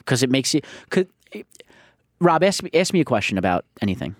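Excitable, profane man with a lively voice. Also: mid-range voice, brisk, dry recording, studio quality. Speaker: co-host. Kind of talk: casual studio banter. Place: radio studio.

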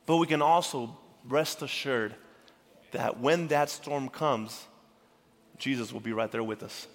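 A young adult man, a pastor, preaching a sermon with earnest feeling that swings from urgent rises to hushed, tender passages. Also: medium pitch, unhurried. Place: church sanctuary. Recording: church hall reverb with faint music.

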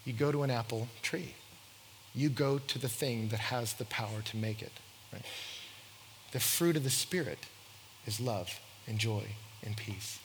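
A man preaching a sermon, telling stories and acting out dialogue in an animated way. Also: medium pitch, unhurried, slight background noise. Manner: animated, acts out dialogue in voices. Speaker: pastor. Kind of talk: sermon with storytelling. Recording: long hall reverb.

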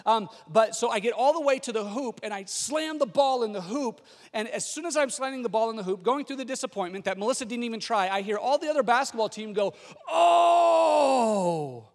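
A middle-aged man preaching a sermon, telling a personal story in a lively way with frequent restarts. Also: extremely high pitch, fast, hardly any pauses, big-room sound. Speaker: pastor.

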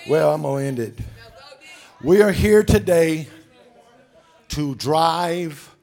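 Gravelly high-voiced preacher, emphatic. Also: male voice, lively intonation, slow. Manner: emphatic, swings from low murmurs to shouts; calls out to the congregation. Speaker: pastor. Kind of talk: sermon.

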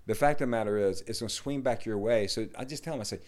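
A middle-aged man, a yoga teacher, talking in a rambling, casual way, swearing and dropping to low mutters. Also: fast talker, hardly any pauses, darkish tone. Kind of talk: casual podcast conversation.

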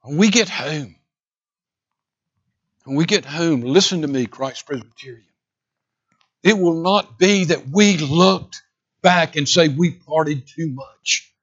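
A man preaching a sermon as pastor in a church, emphatic, with dramatic pauses, moving from loud declarations to hushed lines. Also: on the high side, highs cut off. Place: church sanctuary.

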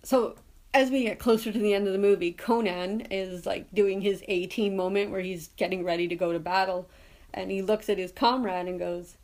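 A woman's voice: lowish voice, fairly even intonation, brisk, a little mellow. A woman hosting her own podcast, chatting casually and laughing often as she retells favorite movie scenes. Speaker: podcast host. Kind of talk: casual solo podcast chat.

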